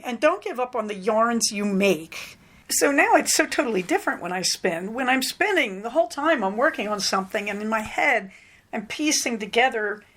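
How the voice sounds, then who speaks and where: A woman's voice: fairly high pitch, fairly bright tone. A middle-aged woman hosting a podcast, talking in a rambling, self-deprecating way with frequent fillers. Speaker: podcast host. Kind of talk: casual podcast monologue.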